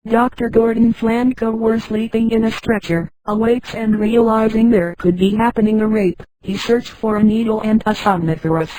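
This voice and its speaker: Flat synthetic woman narrating a story. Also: mid-range voice, rough recording. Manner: flat synthetic reading, reads punctuation aloud.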